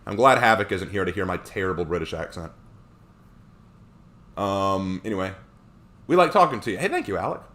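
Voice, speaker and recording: A man's voice: low-pitched, fairly quick, long pauses. A man live streaming who chats casually with viewers, reads their comments aloud and jokes around. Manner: animated, joking.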